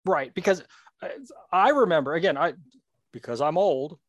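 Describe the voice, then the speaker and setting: A man's voice: a little high, moderate pace, no room sound, clean studio sound. A man co-hosting a casual podcast chat, rambling with many restarts.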